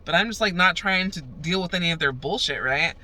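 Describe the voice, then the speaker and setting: Young woman ranting on her vlog, swearing nonstop, really sharp bright voice. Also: lowish voice, animated, fairly quick. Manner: profane, fired-up storytelling rant. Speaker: vlogger.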